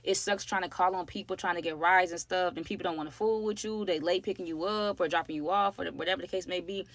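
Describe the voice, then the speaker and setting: A young woman, chatting through a storytime to her viewers, slangy and lively, calling them y'all. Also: on the low side, quick pace, no room sound. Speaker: storytime vlogger. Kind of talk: casual storytelling to camera.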